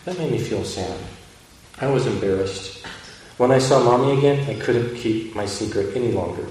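A man's voice: mid-range voice, animated, normal speed, darkish tone, slight background noise. A man teaching and reading a children's book aloud, speaking in a friendly, plain way. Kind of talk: read-aloud storytelling. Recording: echoey room from a distant mic.

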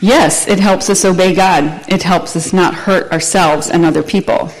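A woman reading the part of a kind, patient mother who gently explains things to her daughter in a storybook read aloud. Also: fairly low pitch, steady tone, moderate pace, close to an everyday voice, rough recording. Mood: explaining.

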